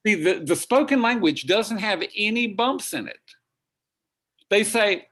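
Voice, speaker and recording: A man's voice: high-pitched, lively intonation, moderate pace, a bit bright. A man coaching a young singer in a virtual master class, demonstrating phrases and encouraging her as he talks. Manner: encouraging, demonstrative, sings and speaks example phrases. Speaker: vocal coach and pianist. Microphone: video call.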